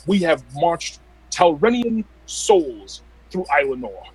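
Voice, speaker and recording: Man voicing a grim warlord, husky, swinging pitch, angry and bitter. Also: big pitch swings, slow, exaggerated voice, low-quality recording. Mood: bitter, defiant. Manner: angry, scornful speech. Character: defiant male warrior leader, bitter and grim. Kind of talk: tabletop role-play.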